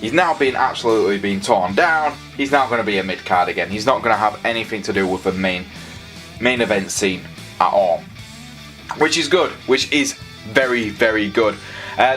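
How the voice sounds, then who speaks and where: A man's voice: medium pitch, lively intonation, moderate pace, fairly bright tone, faint music behind. A man giving a casual, sarcastic and rambling review of a wrestling show.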